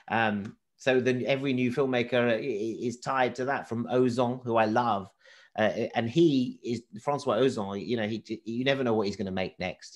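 Animated male film critic, full of restarts. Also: mid-range voice. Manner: animated, halting with many restarts. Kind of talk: casual talk.

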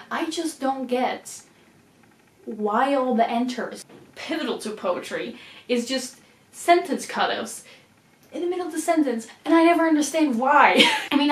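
A woman casually vlogging about reading, chatty and self-deprecating, often laughing at her own confusion. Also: on the high side. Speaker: book vlogger.

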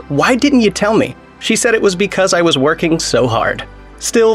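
A man narrating a scripted video in a wry, sardonic tone. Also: fairly high pitch.

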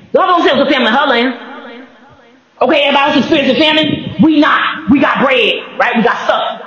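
A woman preaching a sermon in an animated way, laughing and breaking into shouts, with many ums and repeated words. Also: high-pitched. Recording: echoey, slightly dull church recording.

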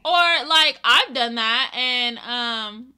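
A woman's voice: on the high side, very slow, sharp tone. A woman co-hosting a reaction video, chatting casually and rambling through stories with lots of fillers. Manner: rambling storyteller, full of fillers. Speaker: reaction channel co-host.

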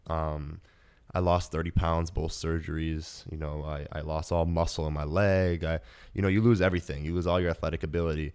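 A man's voice: rumbling low, little pitch movement, a little fast, darkish tone, clear, resonant tone. A young man in his twenties, a podcast host, earnestly telling a personal story with many fillers and restarts. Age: 20s.

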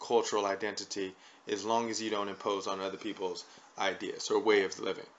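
A podcast host with a fairly low, flat voice speaks fairly quickly amid slight background noise on a dull lo-fi recording. His casual talk show chat rambles, and he keeps tacking "right?" onto his points.

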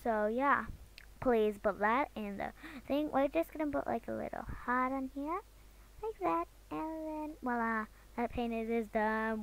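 A woman from Britain chatting goofily while she draws, swinging between loud outbursts and near-whispers. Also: on the high side, sing-song, a little slow, vocal fry, a little hiss or hum. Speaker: drawing vlogger. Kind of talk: casual commentary while drawing.

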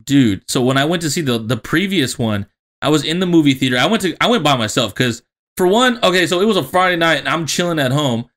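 A man on a podcast, chatting crudely and excitably, his voice riding high and swinging widely as he swears and laughs through a story. Everything is loose, casual and quick to get carried away. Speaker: podcast co-host.

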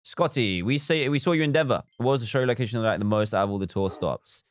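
A man's voice: mid-range voice, fast talker, no room sound, clean studio sound. A man live streaming a building game, chatting casually, reading viewer comments aloud and counting blocks as he works.

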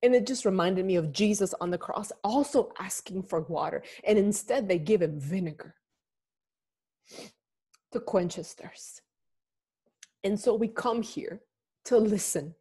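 A woman pastor leading a lament, speaking slowly, deliberately and gravely. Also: medium pitch, mellow. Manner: slow, deliberate, grave and earnest. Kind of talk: slow reflective spoken sermon and prayer.

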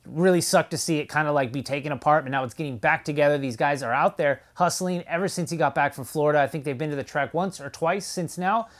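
Man, enthusiastic car-vlog host, loose rambling delivery, slightly high-pitched. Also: fast, hardly any pauses. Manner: enthusiastic, rambling, fillers like "you know". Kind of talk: casual weekly recap vlog.

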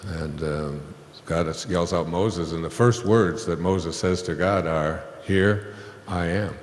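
Deep-voiced man speaking in an echoey hall. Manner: unhurried, with many fillers and restarts, retelling scripture in a conversational way. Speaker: spiritual speaker addressing an audience. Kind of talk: reflective spiritual talk. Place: hall with a live audience. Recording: echoey hall with long reverb.

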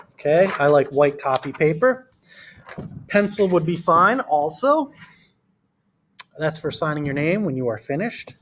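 Man, teacher reading to kids, animated, higher-pitched voice, storybook voices. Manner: gentle, instructive, talking directly to children. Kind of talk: read-aloud lesson for children.

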